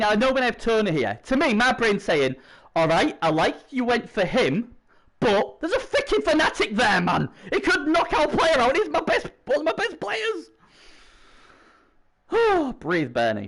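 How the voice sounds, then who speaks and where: Excitable guy streaming a game, fairly high voice, jumps from mumbling to yelling. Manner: excitable, swings from muttering to shouting; chatty, opinionated, talks to himself. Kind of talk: live video game commentary.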